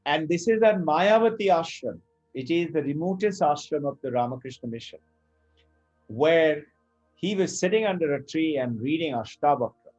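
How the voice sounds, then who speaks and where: A middle-aged man teaching Vedanta, telling a story in an animated way and acting out the characters' lines. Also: a little high, normal speed, muffled recording, faint music behind. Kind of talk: spiritual talk with storytelling.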